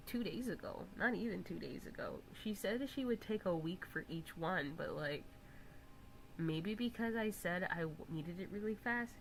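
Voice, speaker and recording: A young woman live streaming, chatting casually and teasing her viewers, breaking into loud laughs. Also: on the low side, a little hiss or hum, poor audio.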